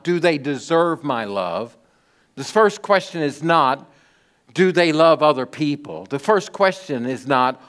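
Emphatic middle-aged male preacher. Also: on the high side. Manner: storytelling preacher with emphatic rises and soft drops. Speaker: pastor. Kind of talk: sermon.

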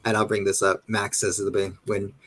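A man with a fairly low voice gives casual opinions on his club in long, rambling runs. He circles back on his points and keeps tagging them with a quick check for agreement. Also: level tone, fairly bright tone, husky. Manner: rambling, repeats "you know what I mean". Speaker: panelist. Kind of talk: casual fan talk.

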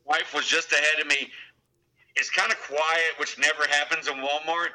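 A man's voice: a little high, fairly even intonation, moderate pace, pushed and bright, low-quality recording. A man in his forties telling loose, crude, joking anecdotes in casual chat. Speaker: guest, pub owner.

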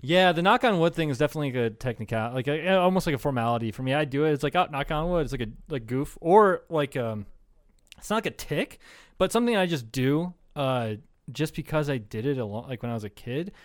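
A man's voice: fairly high pitch, animated, fast, no room sound. Young male co-host, loose and profane, rambles through stories, dry studio sound. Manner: rambling, profane, laughs a lot, acts out quotes. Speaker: podcast co-host. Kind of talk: casual comedy podcast chat.

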